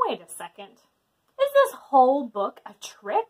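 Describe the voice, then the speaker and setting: A high-voiced woman hosts a library storytime and reads a book aloud to children. She swoops all over her range, hamming up playful mock protests. Her delivery is unhurried, with room left for every joke. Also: wildly swooping pitch. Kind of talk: reading a picture-free book aloud to children.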